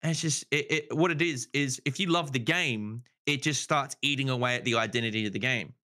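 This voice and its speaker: A man's voice: medium pitch, fairly quick, sharp tone. A man rambling in casual podcast chat, swearing freely and saying "you know" a lot. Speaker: podcast guest.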